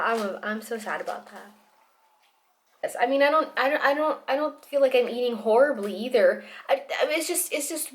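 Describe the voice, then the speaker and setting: A pregnant young woman talking in a casual video diary, rambling with restarts and laughter into a camera mic. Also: sits high. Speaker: vlogger.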